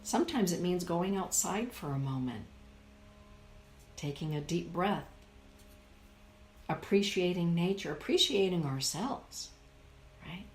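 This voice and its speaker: A woman giving a live oracle card reading, speaking slowly and emphatically and addressing her viewers by name. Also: on the low side, expressive, reverberant, a little hiss or hum, poor audio. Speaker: spiritual author and card reader.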